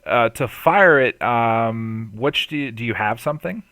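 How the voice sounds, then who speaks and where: A man's voice: mid-range voice, expressive, unhurried, pushed and bright, no echo. A man running a tabletop game as game master, explaining rules at length and laughing often.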